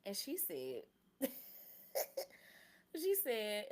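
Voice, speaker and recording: A woman's voice: mid-range voice, animated, slow pace, long pauses. Candid woman podcaster, heartfelt and emotional. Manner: candid and emotional, close to tears at times; casual, slangy, self-deprecating humor. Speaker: podcast host. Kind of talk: personal podcast monologue.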